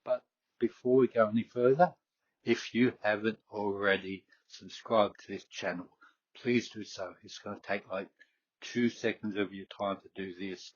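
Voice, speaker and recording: A man's voice: fairly low pitch, fairly even intonation, normal speed, no room sound, muffled recording. Rambling Queensland Australian man. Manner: rambling, hesitant, many fillers and restarts. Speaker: fitness podcast host. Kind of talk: casual solo talk.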